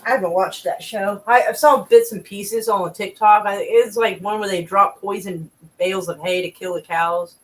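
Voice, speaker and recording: A woman's voice: mid-range voice, steady tone, normal speed, hardly any pauses. An older woman with a Southern US accent, chatting casually; blunt, teasing and firm when she disagrees. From New Orleans and Oklahoma. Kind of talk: casual chat.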